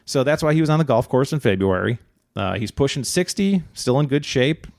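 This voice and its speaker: Man, podcast co-host, gravelly voice, dry close sound, casual rambling storytelling. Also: mid-range voice, brisk, no room sound. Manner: relaxed, rambling, many fillers, joking asides. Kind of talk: casual true-crime storytelling.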